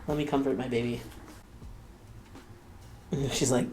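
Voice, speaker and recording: A man's voice: mid-range voice, steady tone, slow pace, pauses often, darkish tone, slight background noise. A young man hosting a reaction video, chatting casually and laughing often as he quotes the people he watches.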